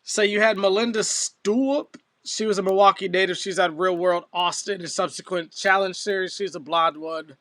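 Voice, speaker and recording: A man's voice: sits high, fairly even intonation, normal speed, hardly any pauses, a bit bright, no echo. A man co-hosting a casual podcast, joking loosely and teasing his partner. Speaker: podcast co-host. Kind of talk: casual chat.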